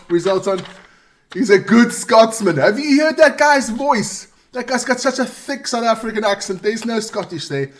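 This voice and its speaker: A man hosting a live sports show, running through results in a casual, joking way with asides to his viewers. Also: high-pitched. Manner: chatty, joking, reads scores with asides to viewers.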